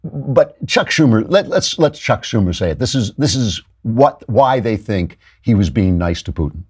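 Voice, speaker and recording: A male host delivers a sarcastic political monologue. His husky voice swings widely in pitch as he mocks and explains. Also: normal speed. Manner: sarcastic, animated.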